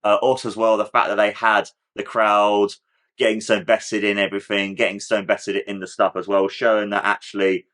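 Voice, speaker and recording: A man's voice: fairly low pitch, level tone, a little fast, a bit bright. A man hosting a casual reaction video, talking in a rambling, enthusiastic way with lots of "like" fillers. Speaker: host of a reaction channel.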